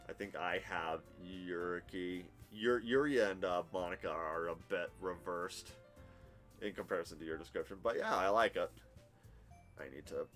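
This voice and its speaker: Low-voiced chatty man in his thirties. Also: a bit bright. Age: 30s. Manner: chatty, candid, rambling. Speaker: streamer. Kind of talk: casual live-stream chat and game narration. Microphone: headphones with desk mic.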